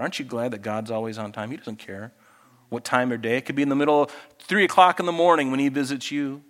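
A man preaching a sermon as pastor, moving between quiet, intimate asides and raised, emphatic passages. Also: mid-range voice, fairly even intonation, quick pace.

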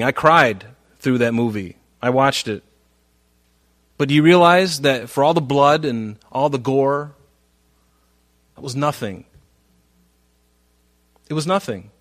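A man preaching a sermon, reading scripture aloud and commenting on it, moving between soft asides and loud, emphatic phrases. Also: mid-range voice, measured pace, pauses often, dry recording, studio quality. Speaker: pastor.

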